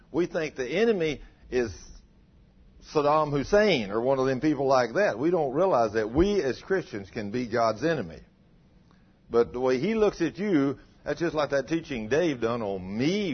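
Preacher, male, husky and animated, conversational sermon on a dull low-fi recording. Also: normal speed. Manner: conversational preaching, rhetorical questions to the congregation. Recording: dull muffled low-fidelity sound.

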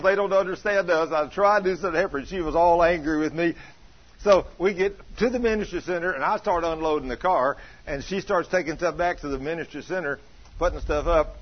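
A man preaching a sermon, telling a story about his wife in a folksy, colloquial way with bursts of loud emphasis. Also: high-pitched, breathy edge. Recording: dull lo-fi sound.

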